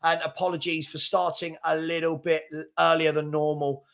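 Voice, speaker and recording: A man's voice: a little high, little pitch movement, moderate pace, gravelly, fairly bright tone. A man, hosting a casual live football chat stream, reading out viewer comments in a chatty, rambling and self-deprecating way, tired from an early start. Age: 40s. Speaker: football channel host.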